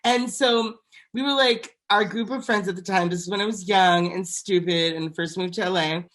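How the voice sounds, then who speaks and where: A woman's voice: mid-range voice, moderate pace. A young woman co-hosting a podcast, chatting bluntly and animatedly about reality TV. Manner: blunt, animated, quotes people in put-on voices. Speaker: podcast co-host. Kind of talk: casual reality TV gossip chat.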